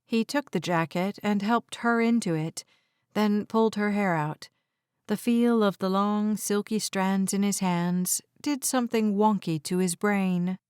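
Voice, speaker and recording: Smooth woman reading an audiobook. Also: medium pitch, unhurried, darkish tone, no echo, clean studio sound. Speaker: audiobook narrator. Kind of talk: scripted audiobook narration.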